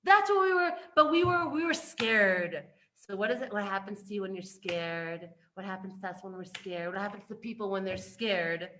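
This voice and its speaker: A woman giving an animated spiritual lesson, emphatic and full of restarts, swinging between loud and hushed. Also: mid-range voice, moderate pace, background noise. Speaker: Torah teacher.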